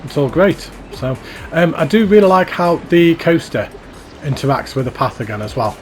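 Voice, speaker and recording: A man's voice: fairly high pitch, animated, moderate pace, soft background music. A man giving casual, enthusiastic commentary while touring a theme park in a video game, rambling and repeating his praise. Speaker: YouTuber touring a fan-built theme park.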